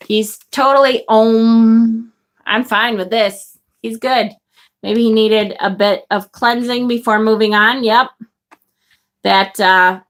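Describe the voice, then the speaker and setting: A woman hosting a live tarot stream, chatting enthusiastically and reading viewer comments aloud. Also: medium pitch. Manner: enthusiastic, chatty, swears casually. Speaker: tarot livestream host. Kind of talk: casual live-stream chat.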